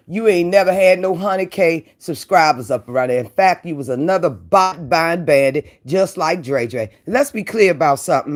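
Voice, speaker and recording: A woman hosting an online commentary show, delivering a taunting, profane rant at a rival and repeating her catchphrases. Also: on the low side.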